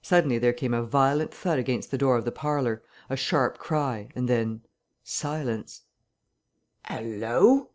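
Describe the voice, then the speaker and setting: A man narrating a classic novel audiobook in a measured, even reading. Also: mid-range voice.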